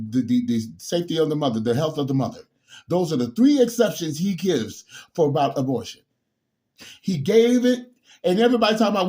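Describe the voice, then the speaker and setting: A bishop with a high voice rants heatedly about politics to camera. Preachy and agitated, he repeats words, restarts, and breaks into sudden loud outbursts.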